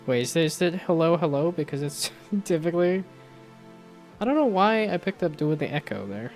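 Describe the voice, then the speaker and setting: A man's voice: a little high, animated, moderate pace. A man streaming as a VTuber while he codes a game, thinking aloud with playful asides and muttered checks to himself. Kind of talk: casual live-stream chat while coding. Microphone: desk microphone with loud keyboard clicks. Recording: music playing under a live stream. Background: guitar music.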